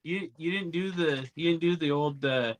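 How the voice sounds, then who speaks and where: A man's voice: fairly high pitch, moderate pace. A man chiming in with wry jokes as a guest in a casual podcast chat, heard from off the mic. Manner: wry, jokey interjections.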